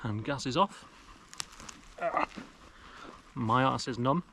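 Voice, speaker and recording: A young British man sits outdoors in woodland, vlogging on an action camera and chatting casually to the viewer. His mid-range voice has vocal fry and moves at normal speed over background noise, and his humor is wry, self-mocking, and rambling.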